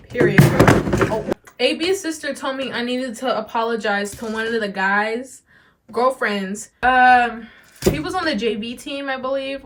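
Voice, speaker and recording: A woman's voice: a little high, slight background noise. A teenage girl telling a storytime vlog to her phone camera, talking animatedly, swearing, stuttering now and then and acting out what others said. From United States. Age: teens. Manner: animated, swearing, acts out quoted lines. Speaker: vlogger.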